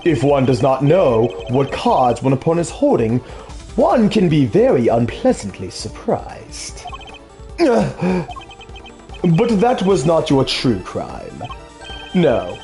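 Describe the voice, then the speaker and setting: A man playing a coldly polite, low-voiced assassin. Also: huge pitch swings, dark tone, full character voice. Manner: slow, courtly, coldly polite. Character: calm, menacing, polite male assassin. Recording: faint game music behind.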